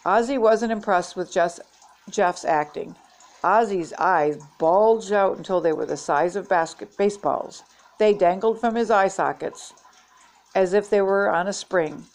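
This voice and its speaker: Gravelly grandmother reading a storybook. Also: medium pitch, measured pace, darkish tone, low-quality recording. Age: older. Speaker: storybook reader. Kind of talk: reading a children's book aloud.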